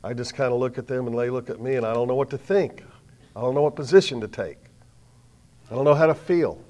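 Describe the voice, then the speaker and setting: An older man giving a sermon as storytelling, swinging from hushed lines to loud bursts with dramatic pauses. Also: mid-range voice, lo-fi sound. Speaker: speaker.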